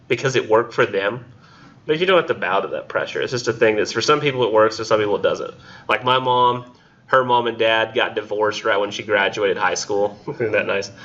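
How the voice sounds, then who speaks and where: A man's voice: lowish voice, sharp tone, lo-fi sound. A man teaching a class in a casual, rambling way with many fillers. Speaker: instructor.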